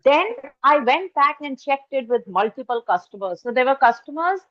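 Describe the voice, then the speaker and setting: Indian English woman trainer, high voice, chatty storytelling lecture, muffled lo-fi sound. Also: animated, normal speed. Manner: storytelling, switches into Hindi, addresses the audience directly. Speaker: faculty trainer. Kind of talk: anecdotal lecture. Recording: dull lo-fi recording.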